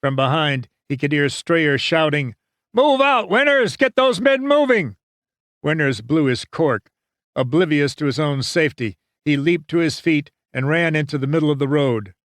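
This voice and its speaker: A man's voice: on the high side, fairly even intonation, moderate pace, dry recording. Dry-sounding male audiobook narrator. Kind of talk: scripted narration.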